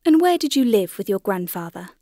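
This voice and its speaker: A woman voicing a kind, calm older male doctor in an audiobook, speaking gently and soothingly. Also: mid-range voice, a little fast, dry recording, studio quality. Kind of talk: audiobook character reading.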